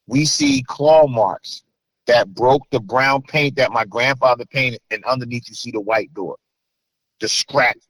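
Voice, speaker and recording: A middle-aged man from New Jersey tells his story as an interview guest. He talks in a mid-pitched voice and gets loud and animated when he acts out what others said. The sound is dry and close. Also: no room sound, low-quality recording.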